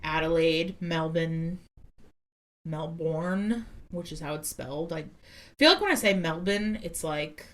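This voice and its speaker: A woman co-hosting a casual podcast, telling stories in a loose, rambling way full of "like"s. Her voice sits a little low for a woman. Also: brisk. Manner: rambling animated storytelling, many "like"s. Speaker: podcast co-host. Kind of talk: casual chat.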